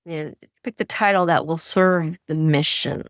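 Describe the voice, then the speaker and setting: A middle-aged woman, a guest author, telling stories in an animated way and acting out quoted dialogue. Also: sits low, moderate pace, dry recording, clean studio sound. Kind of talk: conversational storytelling.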